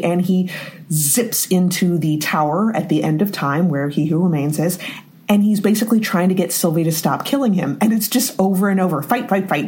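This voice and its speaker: A woman's voice: fairly low pitch, a little mellow. A woman co-hosting a podcast, casually retelling scenes with frequent laughs and exclamations. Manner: laughs often, exclaims reactions. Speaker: podcast co-host. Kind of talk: casual recap chat.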